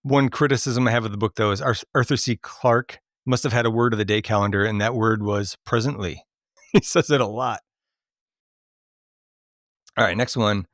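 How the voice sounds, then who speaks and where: A man's voice: lowish voice, steady tone, moderate pace, pauses often, a bit bright, dry recording, studio quality. A man hosting a podcast movie quiz, chatting casually and laughing often. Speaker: podcast host running a movie quote quiz. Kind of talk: casual chat.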